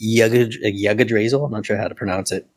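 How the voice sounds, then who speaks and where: Low-voiced man recapping comics casually. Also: fairly even intonation, normal speed, slightly rough, no room sound. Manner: rambling recaps with laughs. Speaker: podcast co-host. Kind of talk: casual comic book chat.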